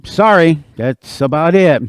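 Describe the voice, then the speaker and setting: A man's voice: mid-range voice, very animated, unhurried, a little mellow, no room sound, clean studio sound. A man voicing a big, strong, stubborn male beaver who brushes off a small turtle in a told folktale. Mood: dismissive. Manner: blunt, dismissive.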